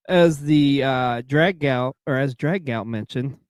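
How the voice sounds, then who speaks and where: A man's voice: mid-range voice, slow, clean tone, no room sound, clean studio sound. A man hosting a casual wrestling recap show, speaking with frequent fillers. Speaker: podcast host.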